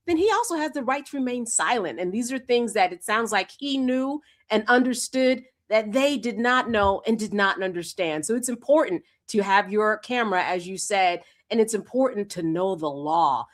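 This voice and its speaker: A woman's voice: on the high side, lively intonation, moderate pace, few pauses. Woman laying out legal points emphatically. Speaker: panelist. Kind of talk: political commentary on a panel show.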